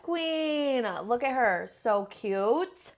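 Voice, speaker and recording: A woman's voice: mid-range voice, moderate pace. Young woman vlogger, casual makeup chat, playful slang and fillers, self-deprecating. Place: home.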